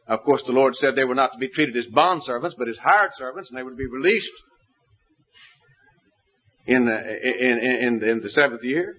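Guy preaching a sermon, folksy and emphatic, pitch swings way up and down, kinda muffled old recording. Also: lively intonation, moderate pace.

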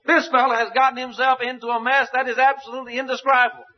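A man preaching a sermon, telling a parable in a folksy, emphatic way with wide swings in pitch. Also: little pitch movement, fast talker, highs cut off.

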